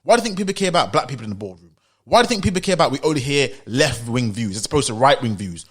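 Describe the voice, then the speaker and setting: Racing and very animated, this British man speaks at medium pitch with a fairly bright yet husky tone. He is a United Kingdom opinion vlogger giving a commentary monologue, emphatic and insistent, using rhetorical questions and repetition to push his arguments.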